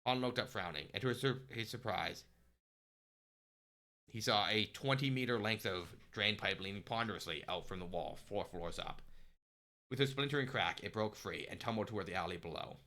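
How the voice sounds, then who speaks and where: A man narrating a story aloud on a live stream, steady with small restarts. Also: on the low side, moderate pace.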